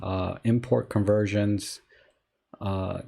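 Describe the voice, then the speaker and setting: A middle-aged man hosts a casual live photography chat on stream, rambling through stories packed with fillers. His voice is on the low side, creaky and dark, with a steady tone and slow pace.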